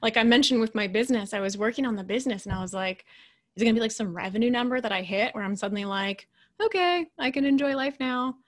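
A woman leadership coach giving a casual, animated lecture. She acts out quoted voices and keeps adding "right?". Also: mid-range voice, very fast. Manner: often adds "right?".

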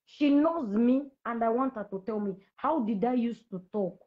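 Addressing viewers on a livestream, an adult Zambian mother of school-age children preaches in a repetitive, confrontational style. She speaks at a normal speed in a slightly high voice, and the sound is phone quality.

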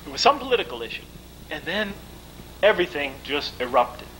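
A man giving a lecture, telling stories in a vivid, animated way. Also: on the high side, brisk, slight background noise, poor audio. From United States. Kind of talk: storytelling lecture.

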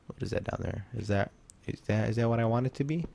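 A man's voice: lowish voice, quick pace, creaky, dark tone, slight background noise. Rambling young gamer guy. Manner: rambling, jokey self-talk. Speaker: gaming YouTuber. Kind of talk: Let's Play commentary.

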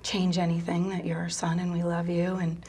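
Soft-spoken middle-aged woman, flat low voice. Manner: halting and soft-spoken, many pauses and restarts, sometimes dropping to a near whisper. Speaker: mother of a gay teen son; interview guest. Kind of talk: personal storytelling in an interview.

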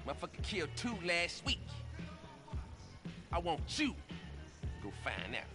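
An actor playing a brash, crude pimp who talks in swaggering street slang in a game cutscene. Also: male voice, a little high, huge pitch swings, normal speed. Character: brash middle-aged male pimp, bossy and crude. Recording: game cutscene audio with music.

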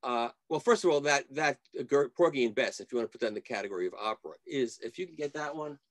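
Brief: male guest, mid-pitched, rambling anecdotes, dry close sound. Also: fast talker, no echo. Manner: rambling storyteller, restarts sentences. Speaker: guest audio reviewer. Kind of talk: casual interview.

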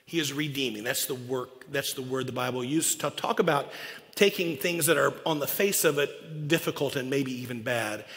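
A man's voice: mid-range voice, normal speed, fairly bright tone. A man preaching a sermon as pastor, folksy and joking as he tells stories. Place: church sanctuary. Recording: echoey church hall.

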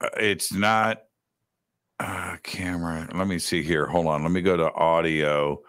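A man's voice: sits low, steady tone, a little slow, a bit bright, clear, resonant tone, no echo, studio quality. A man co-hosting a live talk show, chatting casually and rambling with lots of fillers. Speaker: radio host, co-host.

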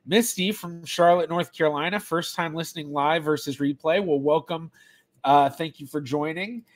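A man with a somewhat higher-pitched voice hosts a relaxed live stream. He talks chattily and greets each viewer by name, with easy little laughs. His allergies are acting up. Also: moderate pace. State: allergies, sneezy. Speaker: genealogist streamer host. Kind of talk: casual live-stream chat.

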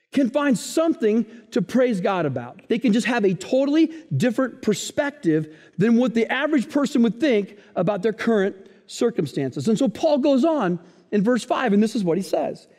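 A man preaching a sermon as pastor, telling jokes and stories in an animated, playful way. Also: very high-pitched, in a large hall. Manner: animated storytelling with playful asides. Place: church hall.

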